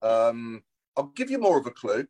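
A man's voice: mid-range voice, sing-song, moderate pace, a little mellow. A man hosting a podcast, explaining a game segment in an upbeat, casual way. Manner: explaining, upbeat, laughs along. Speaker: podcast host.

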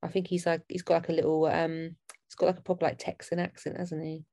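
Low mellow woman, chatty. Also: little pitch movement, quick pace, no room sound. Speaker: podcast co-host. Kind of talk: casual film review chat.

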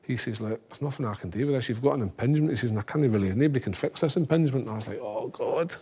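A man's voice: medium pitch, racing, husky. A man with a Scottish accent, a former footballer telling a long story as a guest in casual talk, acting out the voices of the people he quotes. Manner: animated, acts out quoted voices.

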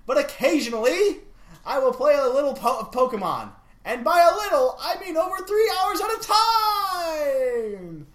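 A man plays a hyper young gamer who shouts every single line. The voice is high, bright and loud, and it bounces around an echoey room. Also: sing-song, measured pace, full character voice. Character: hyper, yelling young male gamer fan.

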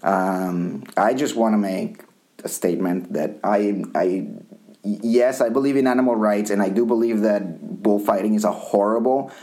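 A man from Colombia co-hosts a podcast in relaxed, rambling chat. His voice sits fairly low, and he often restarts his sentences and swears casually as he talks. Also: normal speed. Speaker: podcast co-host.

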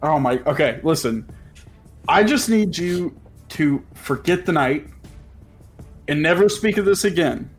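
A man's voice: a little high, animated, unhurried, long pauses, soft background music. A man voicing a blunt, pushy male innkeeper who gets flustered while lecturing a guest.

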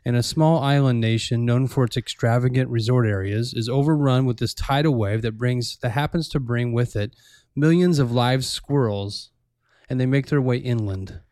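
A man's voice: medium pitch, moderate pace, a little mellow, no echo, studio quality. A man hosting a radio show in casual chat, joking and rambling, breaking off his own sentences. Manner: joking, rambling, self-interrupting.

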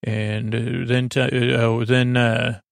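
A man hosting a sleep podcast, giving a drowsy, unhurried recap of an episode, halting with many fillers and self-corrections. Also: level tone, gravelly, dry recording, studio quality. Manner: low-key, unhurried storytelling.

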